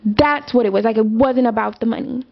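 Young woman host, higher voice, casual emphatic storytelling, dull lo-fi sound. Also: brisk. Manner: animated, emphatic, conversational with many fillers. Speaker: podcast host. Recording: dull lo-fi audio.

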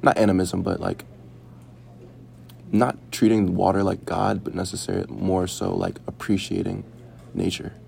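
Brief: young man, deep gravelly voice, loose talkative interviewee. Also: flat delivery, normal speed, long pauses, darkish tone, a little hiss or hum. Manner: rambling, heavy with "like" fillers. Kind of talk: casual conversation.

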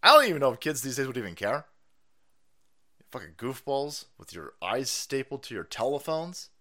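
Foul-mouthed ranting man, lively voice. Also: mid-range voice, normal speed. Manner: foul-mouthed, loud mocking outbursts and mimicry, laughing. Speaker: streamer host. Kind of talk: ranting live-stream commentary.

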